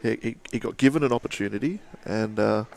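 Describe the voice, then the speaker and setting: Gravelly Australian man commentating pool. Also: on the low side, fast, a little hiss or hum. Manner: laughs often, relaxed banter. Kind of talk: casual live commentary.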